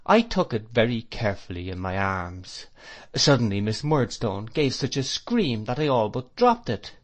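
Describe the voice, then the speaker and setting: Male audiobook narrator, measured. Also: mid-range voice. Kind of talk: scripted narration of a classic novel.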